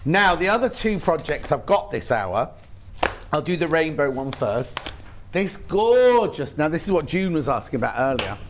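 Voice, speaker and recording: A man's voice: on the high side, sing-song, noisy background. A British man presenting on a live shopping channel, chatting eagerly and listing products. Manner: chatty, quick asides, lists products eagerly. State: has hiccups. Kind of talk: live TV sales chat.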